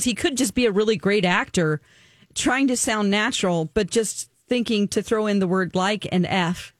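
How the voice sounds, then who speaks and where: A woman's voice: mid-range voice, normal speed, dry recording. Woman, co-host, gossipy, chatty, dry close sound. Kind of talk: casual chat.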